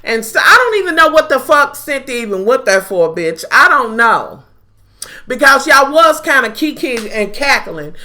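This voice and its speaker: A woman's voice: sits high, very animated, normal speed, sharp tone. A woman giving a blunt, profane, sassy recap of a reality TV episode. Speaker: TV recap vlogger. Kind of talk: casual reality-TV review.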